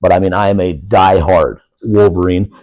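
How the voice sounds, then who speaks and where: This middle-aged man from Michigan's Upper Peninsula appears as a wrestling guest on a podcast, rambling casually and laughing readily. His voice is low and darkish with fairly even intonation at a moderate pace, recorded dry with poor audio quality.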